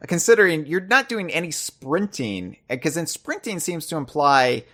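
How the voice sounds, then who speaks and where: A man hosts a casual podcast with a lively, bouncing voice that rises and falls freely. He delivers teasing jokes in a deadpan way. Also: fairly high pitch, normal speed. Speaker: podcast host.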